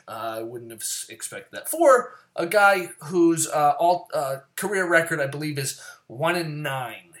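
A man casually giving his fantasy football picks in a rambling, profane rant that swings from loud and worked up to low muttering. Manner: profane, rambling and ranting, swears often; gets loud and worked up, then drops back to low mutters.

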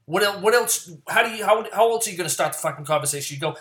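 A man casually giving his fantasy football picks in a rambling, profane rant that swings from loud and worked up to low muttering. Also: expressive, racing. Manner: profane, rambling and ranting, swears often; gets loud and worked up, then drops back to low mutters.

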